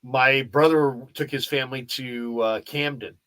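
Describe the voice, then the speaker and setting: A man hosting a casual sports radio show, telling anecdotes as a lively storyteller who acts out the dialogue. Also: medium pitch, unhurried.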